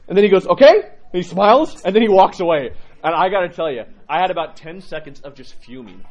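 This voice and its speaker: A man preaching a conversational sermon as an Orthodox priest, telling stories and acting out quoted lines with animated swings. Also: quick pace, dull audio. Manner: animated storytelling, acts out quotes with rising pitch.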